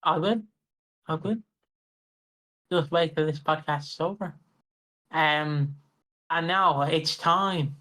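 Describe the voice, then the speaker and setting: In a casual wrestling podcast chat, a co-host with a mid-range voice talks slowly with frequent pauses and a sharp tone. He swears, laughs, and hums theme songs along the way.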